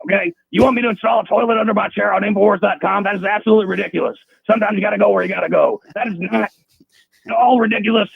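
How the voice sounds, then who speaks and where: An actor playing a paranoid, combative male conspiracy radio host in a comedy phone-call sketch, ranting in raspy, insulting tirades over a tinny phone line. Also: high voice, steady tone, full character voice. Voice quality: gravelly, raspy. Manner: shouty tirades, insulting, rapid-fire.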